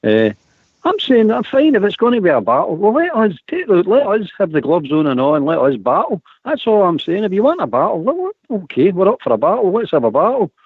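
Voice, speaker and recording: A Scottish man rants about his team's treatment on a fan radio phone-in, his voice swinging lively and animated. The sound is dry and squeezed thin, as if through a telephone line. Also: high-pitched, fairly quick, slightly rough, no room sound. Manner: indignant, animated football fan. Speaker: radio co-host.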